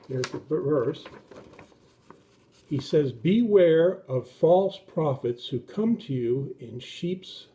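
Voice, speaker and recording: A middle-aged man giving a children's sermon, explaining things simply and gently and acting out the voices in his story. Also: medium pitch. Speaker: children's pastor.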